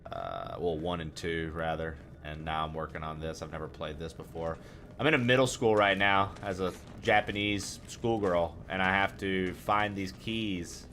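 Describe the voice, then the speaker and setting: A man's voice: deep voice, a bit bright, slight background noise. A man streaming a horror game, chatting casually with viewers, rambling and swearing freely. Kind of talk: casual gaming stream chat.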